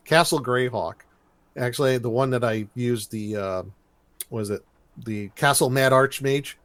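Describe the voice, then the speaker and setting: A man talking through a cartoon episode on a podcast, rambling and animated as he retells each scene. His voice sits at a middle pitch. The recording is close and dry, with no room sound. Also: unhurried, no echo. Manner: rambling, animated storytelling with laughs. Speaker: podcast co-host. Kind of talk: casual chat recapping a cartoon episode.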